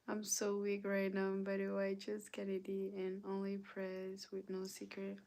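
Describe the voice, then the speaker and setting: Young woman streamer; slow, unhurried delivery; playful, teasing, dramatic with her viewers. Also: medium pitch, little pitch movement, darkish tone. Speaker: livestream host. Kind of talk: casual livestream chat with viewers.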